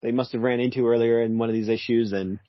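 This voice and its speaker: A man's voice: medium pitch, steady tone, fast, no room sound. A man co-hosting a podcast, retelling a comic in an easygoing way, full of "like" and "uh". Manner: easygoing, filler-heavy, laughing often. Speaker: podcast co-host. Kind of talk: casual chat retelling a comic. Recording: dull, dry, lo-fi.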